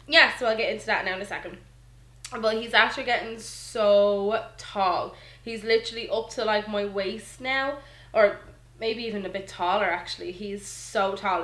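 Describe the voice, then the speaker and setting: A young woman, chatting casually to camera about her toddler, relaxed and full of ums and likes. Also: medium pitch. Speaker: mother vlogger. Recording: echoey room.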